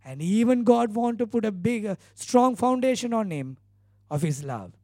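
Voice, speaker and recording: A man's voice: high voice, animated, moderate pace, warm tone, no echo, clean studio sound. A male pastor preaching a sermon, retelling scripture earnestly with emphatic repeated phrases.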